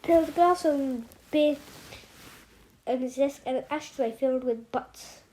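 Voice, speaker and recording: A woman reading a novel aloud in a halting way, often stopping to restart and correct herself. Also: high voice, darkish tone. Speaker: audiobook reader.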